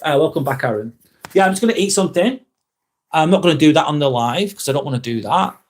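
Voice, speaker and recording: A man from northwest England with a Lancashire accent, talking loosely to his live stream audience. His voice sits a little on the high side. He speaks candidly, with a blunt edge and the odd swear word, as he reads out and answers viewer comments. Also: animated, fast talker. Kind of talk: casual live-stream chat.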